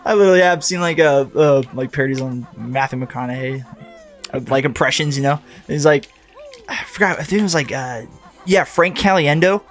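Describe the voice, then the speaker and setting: A man's voice: fairly high pitch, a little fast, faint music behind. A man co-hosting a let's-play, chatty and full of fillers as he talks. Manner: chatty, filler-heavy, giggly. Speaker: gaming co-host. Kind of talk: casual let's-play banter.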